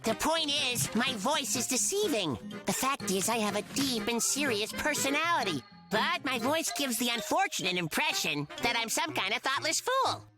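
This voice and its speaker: A high, whiny cartoon creature. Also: female voice, very animated, normal speed, hardly any pauses. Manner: earnest, whiny complaining. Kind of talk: animated cartoon dub. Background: background music.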